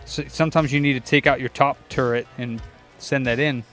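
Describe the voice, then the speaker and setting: Faint music plays behind a young man streaming from his repair shop. His mid-range, fairly bright voice stays fairly even and fairly quick as he swears, rambles, and digs for parts, talking to himself and the viewers.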